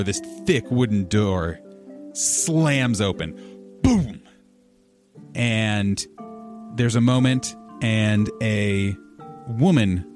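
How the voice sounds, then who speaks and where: In a lowish voice, a man acting as the tabletop game master describes the scene, easygoing and meandering, with lots of filler words.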